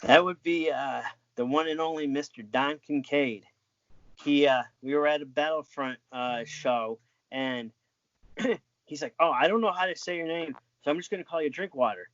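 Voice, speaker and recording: A man's voice: fairly high pitch, normal speed, fairly bright tone, no echo, dull audio. Man telling a rambling story. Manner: rambling, with many restarts and fillers. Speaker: interview guest, former wrestling referee. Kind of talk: casual storytelling.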